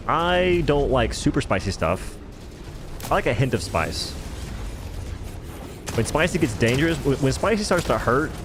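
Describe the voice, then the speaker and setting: A man's voice: medium pitch, background noise. A man streaming a game live, rambling and joking in casual chatter as he answers viewers' chat.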